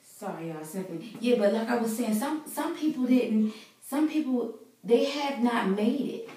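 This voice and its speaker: A woman's voice: fairly high pitch, lively intonation, normal speed, dark tone, recorded from a distance, a little hiss or hum. Earnest woman vlogger in echoey room. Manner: earnest, preachy, conversational with many fillers. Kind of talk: faith-centered personal talk to viewers. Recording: very echoey room, voice away from mic.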